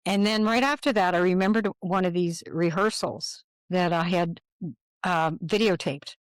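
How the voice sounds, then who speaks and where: A woman's voice: on the low side, moderate pace, no room sound. An older woman, a podcast guest, telling a personal story and acting out the dialogue she quotes.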